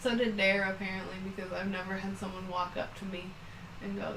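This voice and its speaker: A woman co-host chatting casually and teasing her partner. Her voice sits at an average pitch. The sound is roomy, with a faint background hiss. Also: level tone, brisk, recorded from a distance. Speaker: podcast co-host. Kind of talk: casual chat.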